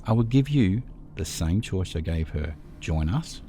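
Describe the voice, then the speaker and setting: A man voicing Zack, a calm and menacing old vampire leader, speaking solemnly and with command. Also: deep voice, a little slow, slight background noise.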